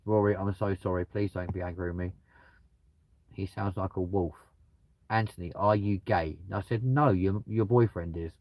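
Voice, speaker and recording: A man's voice: sits low, steady tone, moderate pace, darkish tone. A man, banter-style streamer reading out chat and answering with crude jokes, at home. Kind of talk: casual chat. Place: at home with dogs nearby.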